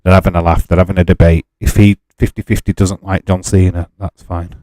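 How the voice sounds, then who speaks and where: A man's voice: low voice, flat delivery, fairly quick, dark tone, no echo. A man hosting a live stream, chatting casually with his viewers and arguing with them in an exasperated way, laughing often.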